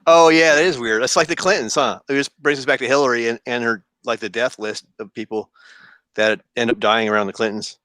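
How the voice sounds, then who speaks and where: A man's voice: medium pitch, fairly even intonation, a little fast, pushed and bright, no room sound. A man joking and rambling in a casual online group voice chat. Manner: joking, rambling, puts on accents. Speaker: chat room participant.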